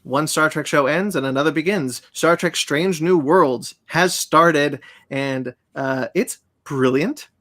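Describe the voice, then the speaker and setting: A man hosting a relaxed podcast chat, his voice a touch high for a man. He gushes happily, giggles often and steers the talk from one segment to the next. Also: slow, hardly any pauses. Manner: enthusiastic, giggly, runs the segments. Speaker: podcast host. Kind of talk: casual chat.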